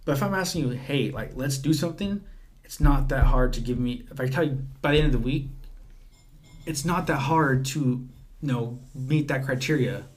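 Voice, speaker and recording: Speaking at normal speed in a mid-range voice, this eighteen-year-old podcast guest chats casually, rambling as he performs his text conversations.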